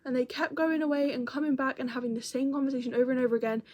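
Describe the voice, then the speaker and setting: Young woman rambling on, chatty, kinda high voice. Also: steady tone, very fast, a little mellow. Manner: chatty, rambling, self-correcting. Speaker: crochet vlogger. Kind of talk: casual chat.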